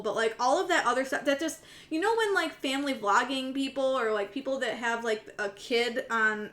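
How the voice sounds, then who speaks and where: Bright-voiced woman giving casual commentary. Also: fairly high pitch. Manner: conversational, frequent "like" fillers, incredulous. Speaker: commentary youtuber.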